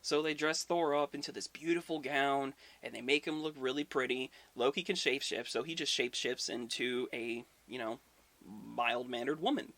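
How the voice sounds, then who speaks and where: A man's voice: medium pitch, moderate pace, a bit bright. A man hosting a history video, retelling myths casually with irreverent, profane asides.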